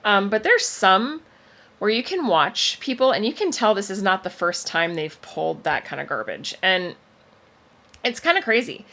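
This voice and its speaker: Podcast co-host, a woman, lively storytelling, mid pitch, casual. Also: moderate pace. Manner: animated storyteller with frequent pitch swings. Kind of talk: casual chat.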